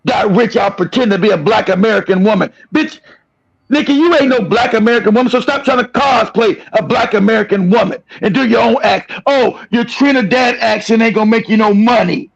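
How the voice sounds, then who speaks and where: A man's voice: high-pitched, a little fast, vocal fry, husky, dull audio. A man hosting a livestream, delivering an angry, profane, aggressive rant. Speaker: livestream host. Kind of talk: angry ranting monologue.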